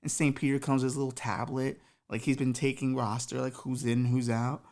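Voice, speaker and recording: Woman, low voice, comedy podcast host, rambling improvised story, crude. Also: little pitch movement, fairly quick, darkish tone. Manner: rambling, filler-heavy, crude.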